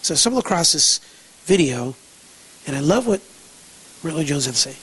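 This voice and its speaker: Husky high-voiced male preacher. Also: sing-song, a little fast, a bit bright, rough recording. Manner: emphatic preacher, rhetorical questions, repeats phrases. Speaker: pastor. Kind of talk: sermon.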